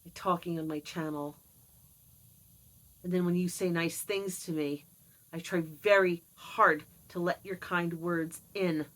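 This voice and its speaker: A woman in her fifties with a somewhat low voice speaks candidly and earnestly to her vlog audience. She drops in dry, wry asides between heavier thoughts. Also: steady tone, unhurried, fairly bright tone, rough recording. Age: 50s. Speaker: vlogger. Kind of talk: personal confessional vlog.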